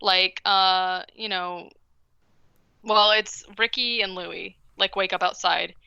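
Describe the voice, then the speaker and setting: A woman co-hosting a podcast recaps a film in a loose, rambling way, with lots of "like" and "uh". Her voice is bright and smooth. The recording is dry and slightly muffled. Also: mid-range voice, fairly even intonation, slow pace, no echo. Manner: rambling, heavy use of "like". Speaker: podcast co-host. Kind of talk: casual chat, retelling a movie plot.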